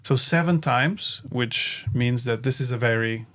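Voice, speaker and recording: A man's voice: mid-range voice, a little slow, a bit bright. Man hosting, thinking aloud with fillers. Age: young adult. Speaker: podcast host. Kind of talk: casual chat.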